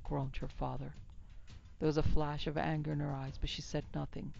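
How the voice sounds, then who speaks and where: Woman narrator, storybook western, measured reading, dull-sounding recording, faint background music. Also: low voice, flat delivery, creaky, mellow. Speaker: narrator and producer.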